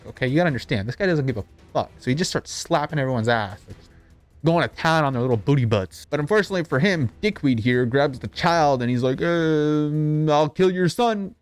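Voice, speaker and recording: This voice-over, set to background music, comes from a young man with a voice on the high side, lively intonation and a fairly quick pace. He narrates a comedic anime recap in a rambling, sarcastic, irreverent and profane way.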